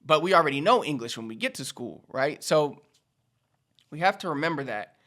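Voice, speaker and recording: A man's voice: fairly high pitch, expressive, bright, forceful tone. A man hosting a casual language lesson, chatty and repeating his points. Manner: chatty, repetitive, acts out quick casual speech. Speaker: language teacher, channel host. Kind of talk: casual video lesson to camera.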